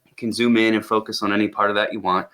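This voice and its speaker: Eager, bright-toned podcast man. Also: on the low side, flat delivery, fast talker. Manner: enthusiastic, eager, with repeated words. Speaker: podcast co-host reviewing education tech tools. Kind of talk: casual podcast chat.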